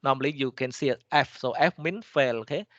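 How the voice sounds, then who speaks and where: A man with a Cambodian accent, a native Khmer speaker, lecturing in a halting way, with many restarts and frequent "okay?" checks to the class. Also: mid-range voice, a bit bright, no room sound, dull audio. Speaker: teacher. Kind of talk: lecture explaining slides, switching between English and Khmer.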